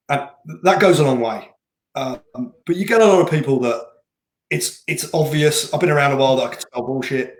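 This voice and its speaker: A man, a race director talking bluntly in a casual interview, laughing easily and restarting his sentences. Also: medium pitch. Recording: roomy echo.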